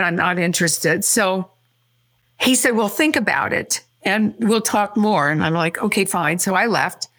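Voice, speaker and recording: An older woman from California, a guest in an interview, telling her story quickly and acting out what people said. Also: on the low side, gravelly. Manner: animated, quick storyteller who acts out quotes.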